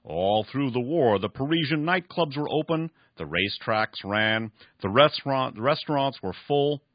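A man voicing a frail, dying old man who coldly lectures with a raspy voice. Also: medium pitch, lively intonation, normal speed, no room sound, lo-fi sound, voice pushed up, natural voice. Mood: cold, lecturing. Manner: raspy, pronouncing grim verdicts.

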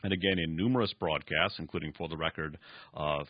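A radio host with a bass voice reads and comments at length on his talk program, speaking a little fast and using frequent fillers. The recording is dry, dull and lo-fi, like old radio.

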